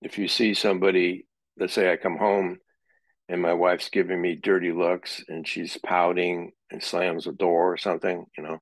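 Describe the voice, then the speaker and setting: Low gravelly man giving a lecture. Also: level tone, normal speed, no echo. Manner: conversational, acts out example dialogue. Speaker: psychology lecturer. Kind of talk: classroom lecture.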